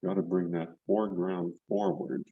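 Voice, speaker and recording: A man's voice: sits low, flat delivery, normal speed, slightly rough, no room sound, phone-quality sound. An older man teaching a painting demonstration over a video call, talking loosely and repeating words as he paints. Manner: rambling, repeats words while working. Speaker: painting instructor. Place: indoor studio, online video session. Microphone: video call mic.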